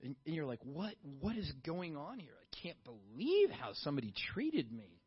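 Middle-aged guy preaching, high voice, chatty sermon w lots of questions, kinda muffled recording. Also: moderate pace, slightly rough. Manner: conversational, animated preaching with rhetorical questions. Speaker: pastor. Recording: dull lo-fi sound.

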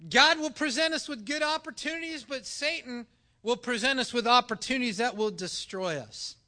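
A man preaching with a high, bright voice. He tells stories animatedly, acting out both sides of a conversation. The voice stays clear and forward throughout. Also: normal speed. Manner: animated storytelling, acting out dialogue. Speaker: pastor. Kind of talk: sermon with personal story.

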